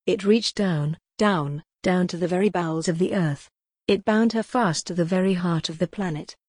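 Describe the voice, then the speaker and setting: A woman narrates a gothic novel in a measured, dramatic storytelling voice. Her tone sits a little low. The recording is close and dry, with no room sound. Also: darkish tone, dry recording. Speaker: audiobook narrator. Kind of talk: scripted narration.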